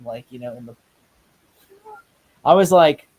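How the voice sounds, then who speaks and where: A man in casual chat at a movie watch party, animated and argumentative, swearing freely. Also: mid-range voice, measured pace, dull audio.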